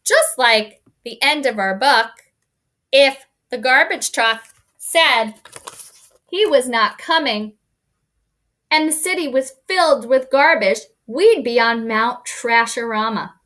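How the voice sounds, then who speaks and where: Woman teacher for a kids' reading lesson: high, bright voice, slow and deliberate. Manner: animated, expressive teacher voice addressing kids. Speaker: elementary school teacher. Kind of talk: online read-aloud lesson for young children.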